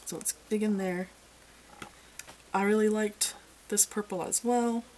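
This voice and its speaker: A woman's voice: medium pitch, fairly even intonation, a little slow, darkish tone, slight background noise, rough recording. A young woman giving a casual makeup review in a blunt, chatty, exasperated way. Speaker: beauty reviewer.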